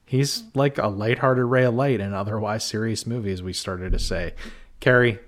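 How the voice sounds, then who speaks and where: A man's voice: lowish voice, normal speed. Laid-back man hosting a film podcast. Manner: relaxed, laughs often, acts out scenes. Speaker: podcast host. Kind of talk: casual chat.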